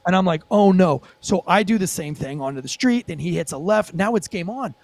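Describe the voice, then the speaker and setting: A man with a high-pitched voice tells his story as a podcast guest. His telling is animated and profane and packed with fillers. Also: brisk, gravelly. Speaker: former police officer and podcast guest. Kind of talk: storytelling in a casual podcast interview.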